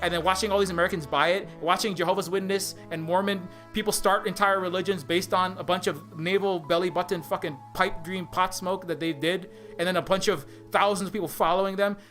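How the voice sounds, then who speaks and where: An indie game developer ranting in a rambling, profane, sarcastic video commentary. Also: male voice, sits high, fairly even intonation, a little fast, hardly any pauses, fairly bright tone, soft background music.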